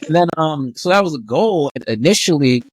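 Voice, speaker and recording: A young man, telling stories as a podcast guest in a lively way and acting out the voices he quotes. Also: on the high side, moderate pace, no room sound. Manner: animated, acts out quoted voices. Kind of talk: casual storytelling.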